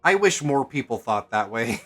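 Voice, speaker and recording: A man's voice: medium pitch, very animated, moderate pace, fairly bright tone, faint music behind. Chatty man thinking aloud over a game. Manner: thinks aloud, rambling and self-correcting. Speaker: streamer. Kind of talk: casual gameplay commentary.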